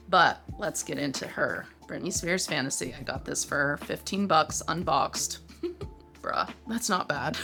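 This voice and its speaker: A woman's voice: deep voice, a bit bright. A woman in her thirties chatting expressively as she reviews perfumes in a casual vlog, reacting aloud as she smells each one. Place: home room with a fan running.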